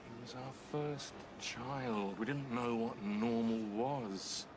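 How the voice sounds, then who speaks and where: A man's voice: medium pitch, slow pace, noisy background, natural voice. Placating British husband, a man playing him. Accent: British English. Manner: soothing and placating. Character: awkward husband trying to calm his wife. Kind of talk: British TV drama acting.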